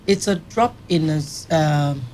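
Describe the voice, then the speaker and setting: A woman's voice: low-pitched, unhurried, a little mellow, slight background noise. A woman who runs a rehab center, telling firm, vivid stories on a radio studio panel. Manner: firm, vivid anecdotal storyteller. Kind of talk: studio panel discussion, storytelling.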